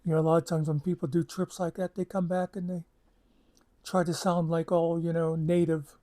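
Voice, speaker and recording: Brief: male storyteller, rambling and chatty, slightly higher pitch. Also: flat delivery, moderate pace, mellow. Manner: rambling, chatty, with many asides and fillers. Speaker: channel host. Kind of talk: casual storytelling.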